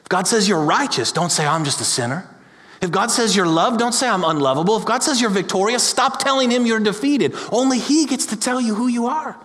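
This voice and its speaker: A pastor preaching a sermon with passion, building his voice up to loud peaks. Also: high voice, expressive, fairly quick. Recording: large hall with long reverb.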